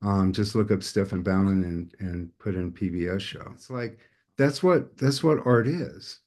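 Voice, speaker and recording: A man's voice: sits low, a little slow, a little mellow. A middle-aged man telling a personal story to a group as host, acting out the voices of people in it. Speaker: podcast host, painter.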